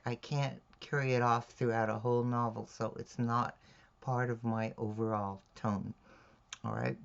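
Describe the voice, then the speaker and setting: A woman teaching mystery writing in a measured, deliberate way, checking in with her listeners as she explains. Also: extremely low pitch, darkish tone. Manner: measured, deliberate, with "all right?" check-ins. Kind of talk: instructional talk on writing craft. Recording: dull lo-fi recording.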